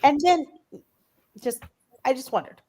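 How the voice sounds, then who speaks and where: A woman's voice: high voice, unhurried, dark tone. A woman co-hosting a reading livestream, talking casually and chattily with plenty of fillers. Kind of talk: casual chat.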